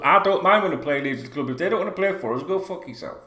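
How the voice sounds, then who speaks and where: A man's voice: fairly high pitch, animated, moderate pace, pushed and bright. A middle-aged man hosting a football fan channel, talking bluntly and rambling in a sweary rant to camera. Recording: roomy echo.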